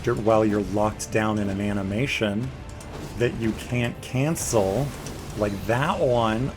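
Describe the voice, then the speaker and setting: A man's voice: on the low side, slow. A man giving casual, jokey let's play commentary, talking to the boss as he fights it. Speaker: gaming video creator. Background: game music.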